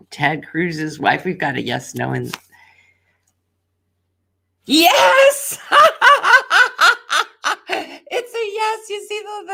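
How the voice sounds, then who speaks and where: A woman streaming a live tarot reading, excitable and laughing a lot, dropping to whispers and then bursting into shouts. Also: fairly low pitch, gravelly. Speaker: tarot reader.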